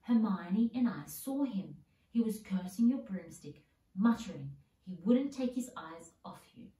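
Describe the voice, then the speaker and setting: A woman's voice: mid-range voice, animated, a little slow, mellow, lightly acted. A woman reading the part of an earnest schoolboy explaining urgently, recorded in a roomy space from a distance. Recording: roomy sound, mic at a distance.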